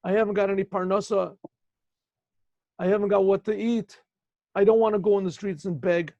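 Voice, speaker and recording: A destitute woman begs and pleads in a tearful, raised voice, as a male storyteller plays her. The voice is gravelly and dark, recorded close and dry with dull lo-fi sound. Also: high-pitched, moderate pace, dry recording, voice pushed up. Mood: pleading grateful. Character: poor desperate woman pleading to God.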